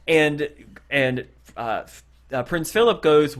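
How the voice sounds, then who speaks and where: A man's voice: fairly high pitch, takes it slowly. A man co-hosting a podcast, casually reviewing a TV episode and acting out its scenes as he retells them. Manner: animated retelling, acting out quotes. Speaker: podcast co-host.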